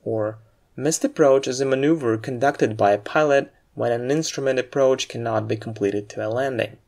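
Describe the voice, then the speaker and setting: Gravelly-voiced man teaching a lesson. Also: mid-range voice, darkish tone. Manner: clear, measured explanation with read example sentences. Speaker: aviation English teacher. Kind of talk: scripted lesson narration.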